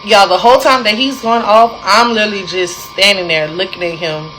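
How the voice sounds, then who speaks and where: A young adult woman telling a personal story in a casual, animated way, speaking straight to her listeners. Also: medium pitch, a little hiss or hum, rough recording. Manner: animated, addresses listeners directly, dramatic pauses.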